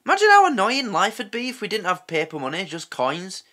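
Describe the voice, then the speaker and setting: A man's voice: sits high, wildly swooping pitch, a little fast, sharp tone. An English man hosting a reaction video, making sarcastic, swearing comments and laughing at his own jokes. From England.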